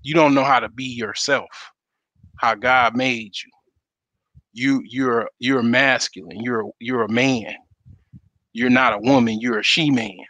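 A man's voice: mid-range voice, fairly even intonation, a little slow, bright, forceful tone, no echo, lo-fi sound. A man hosting his own show, ranting in a blunt, profane, casual monologue. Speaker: host.

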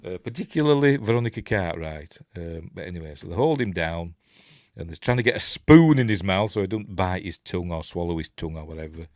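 A man's voice: low voice, lively intonation, fairly quick, no echo, clean studio sound. A man with a Yorkshire accent giving a rambling, chatty running commentary as he watches a film, chuckling at his own asides. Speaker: host of a film watch-along channel.

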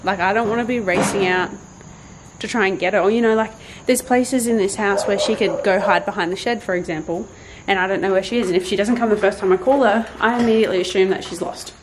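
Woman, casual vlog chat, backyard, faint background noise. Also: fast talker. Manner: chatty, rambling, with high sing-song calls to her dog. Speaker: vlogger training her dog. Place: outdoors in a backyard.

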